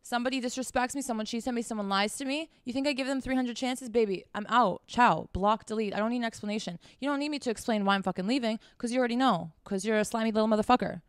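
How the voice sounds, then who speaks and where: A woman hosts a casual advice show, blunt and foul-mouthed, pressing her points home and checking in with the listener. Her voice is smooth and resonant, and it sits dry and close with almost no room sound. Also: on the high side, fast talker, few pauses, no echo. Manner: blunt and profane, emphatic; direct, talks straight to the listener with repeated "okay?". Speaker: podcast host.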